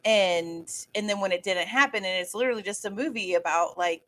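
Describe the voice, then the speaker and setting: A woman's voice: medium pitch, fairly quick, pushed and bright. A woman co-hosting a casual movie podcast, rambling and searching for words. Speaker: podcast co-host.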